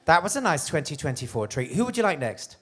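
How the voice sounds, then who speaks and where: A man's voice: fairly high pitch, big pitch swings, a bit bright. Teasing British male cabaret host. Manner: camp, teasing, quick-witted. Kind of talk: live cabaret hosting banter. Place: club stage with live band.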